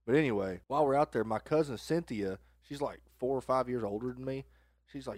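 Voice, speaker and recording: A man's voice: medium pitch, lively intonation, a little fast, a little mellow, no echo, clean studio sound. A man co-hosting a podcast, telling a crude story in casual chat and laughing along the way. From Arkansas. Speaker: podcast co-host.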